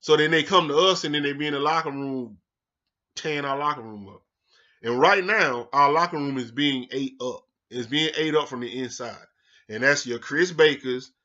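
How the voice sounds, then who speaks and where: A man hosting a sports show in a casual rant, heated and profane, swinging from low mutters to loud outbursts. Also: lively intonation, moderate pace, highs cut off.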